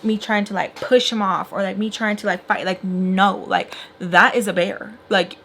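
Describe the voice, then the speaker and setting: A young woman telling a long story in a casual, animated way while doing her makeup, filling her talk with "like". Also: mid-range voice, normal speed, vocal fry, slight background noise. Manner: chatty, animated retelling with filler "like".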